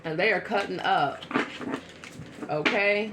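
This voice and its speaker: A woman giving a casual tarot reading to her viewers, chatty and blunt, with quick asides. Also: medium pitch, background noise. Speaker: tarot reader.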